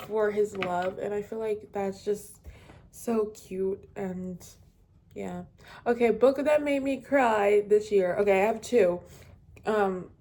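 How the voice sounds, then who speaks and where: A woman's voice: medium pitch, mellow. A young woman chatting casually as a book vlogger, rambling and hesitant with many fillers. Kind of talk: casual chat.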